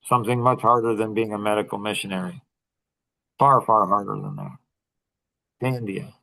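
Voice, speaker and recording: A man's voice: on the low side, steady tone, normal speed, vocal fry, pushed and bright, dry recording, low-quality recording. A middle-aged man hosting a talk, telling a story to a group and driving his points home by repeating them. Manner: emphatic, repeats key phrases. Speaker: host.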